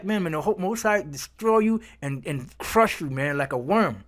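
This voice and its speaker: A man's voice: on the high side, expressive, measured pace, fairly bright tone. A man preaching angrily from scripture, swearing hard and stumbling over repeated words as he drives each point home. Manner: fiery, profane, repeats words while building a point. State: angry. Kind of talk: angry scripture commentary.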